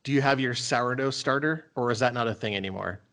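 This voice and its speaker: A man hosting a podcast, talking in a relaxed, self-deprecating way. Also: medium pitch, a little fast. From United States. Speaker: podcast host. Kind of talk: casual chat.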